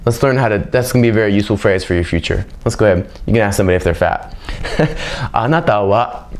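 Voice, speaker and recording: A man's voice: fairly low pitch, very fast. A young man giving an unscripted, casual language lesson, rambling loosely with self-mocking jokes and constantly checking in with "right?". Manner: keeps checking in with a tag "right?". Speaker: language teacher.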